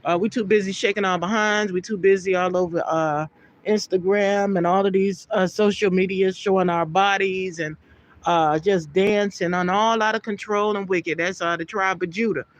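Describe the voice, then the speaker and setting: A woman's voice: medium pitch, steady tone, moderate pace. A woman reading Bible passages aloud in an elevated tone and breaking off into loose, filler-laden commentary. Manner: reads archaic scripture in a lifted tone, then drops into loose asides with fillers. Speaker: scripture reader.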